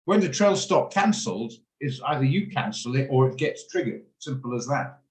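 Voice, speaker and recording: A man's voice: mid-range voice, very animated, normal speed. A man hosting an online trading session, chatty and blunt, often rambling off topic, heard over a video call. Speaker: trading room host. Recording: roomy echo on a video call.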